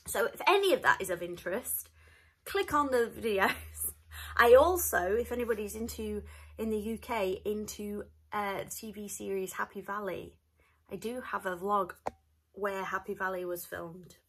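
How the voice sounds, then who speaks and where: A woman vlogger from the north of England, with a Northern English accent, chats casually to camera at home in a medium-pitched voice at a moderate pace. She sounds cheerful and rambling, full of asides, with a little hiss or hum on the recording.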